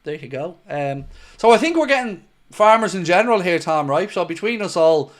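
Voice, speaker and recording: A man's voice: sits high, expressive, moderate pace. An Irish man hosting a football watchalong stream, chatting casually and reading out viewer comments. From Ireland. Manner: chatty and jokey, calls viewers mate.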